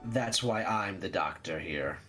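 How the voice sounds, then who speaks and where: A man voicing a brisk, cool-headed female vampire doctor who speaks in a calm, clinical, matter-of-fact way. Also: sits low, soft background music, pitched below the performer's own voice, exaggerated voice.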